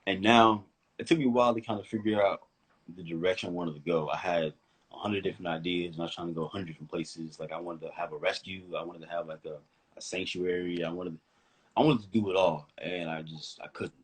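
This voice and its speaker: A young man speaking as the guest of a casual live-stream interview, relaxed and laid-back, laughing easily. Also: deep voice, quick pace, husky, rough recording. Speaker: guest athlete.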